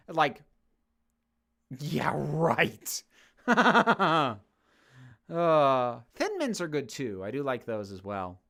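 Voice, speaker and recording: Lively chatty man answering questions. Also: on the high side. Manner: rambling, joking, many fillers and restarts. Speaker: YouTube host answering chat. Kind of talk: casual livestream Q&A.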